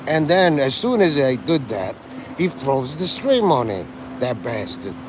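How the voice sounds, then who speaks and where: A man's voice: mid-range voice, very animated, measured pace, background noise. A man livestreaming outdoors in a city, rambling and joking and laughing at his own jokes. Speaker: live streamer. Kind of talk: casual rambling livestream chat.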